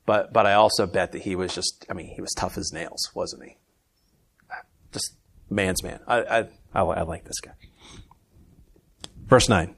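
A man leads a casual Bible study, his voice sitting slightly low. He reads the scripture passages aloud with lifted energy, then slips into relaxed, chatty commentary between verses. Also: moderate pace, creaky, long pauses. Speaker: Bible teacher.

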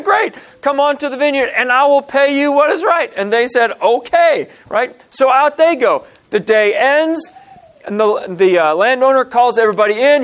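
Animated high-voiced male preacher. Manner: animated storytelling, acts out parable characters in grumbling voices. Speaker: pastor. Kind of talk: sermon.

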